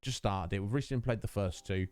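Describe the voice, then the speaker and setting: A man's voice: fairly low pitch, fast talker, darkish tone, dry recording. A British man in his thirties, a full-time streamer chatting casually and laughing with his viewers. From United Kingdom.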